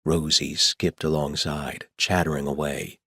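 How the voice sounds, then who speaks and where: A male audiobook narrator with a very low, husky voice that still moves with plenty of pitch. He reads in a steady storytelling manner, close to the mic, in a dry, dead studio sound. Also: a little slow, no room sound. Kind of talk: scripted narration.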